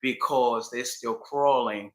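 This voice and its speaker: Taking it slowly in a medium-pitched voice, this channel host recounts history through slangy, casual storytelling. He's animated and performs the quotes himself, and the room echoes.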